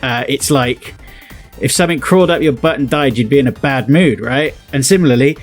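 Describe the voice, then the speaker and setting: A British man talks through slang in loose, rambling commentary, laughing as he goes. His voice sits at an ordinary mid pitch. Faint music plays underneath. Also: brisk. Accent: British English. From England. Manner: chatty, rambling, laughs often, puts on quoted phrases. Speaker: game developer and video host. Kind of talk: casual reaction commentary.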